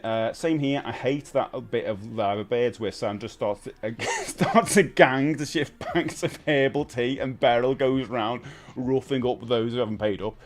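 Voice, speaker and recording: A man's voice: mid-range voice, moderate pace, hardly any pauses. A man from the UK hosting a casual live stream, chatting loosely and reading out viewer comments, laughing often. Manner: chatty, laughs often, many fillers and restarts. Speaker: livestream host.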